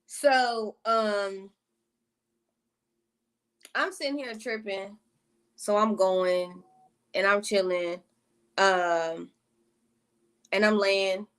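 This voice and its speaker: A woman vlogger telling a casual storytime, profane and exasperated, with slangy asides and quick greetings to her viewers. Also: mid-range voice, fairly even intonation, a bit bright, clear, resonant tone.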